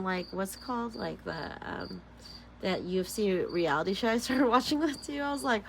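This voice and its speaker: A woman's voice: a little high, animated, moderate pace, vocal fry, a little hiss or hum. Californian woman, chatty tarot vlogger, giggly and rambling, faint crickets outside. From Sacramento, California. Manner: rambling, giggly, says "like" constantly. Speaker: tarot reader. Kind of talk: casual tarot-reading vlog chat.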